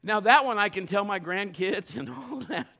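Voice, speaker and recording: A middle-aged man preaching a sermon, telling a funny story and acting it out in a lively way. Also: sits high, moderate pace, vocal fry. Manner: animated, acts out the story. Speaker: pastor.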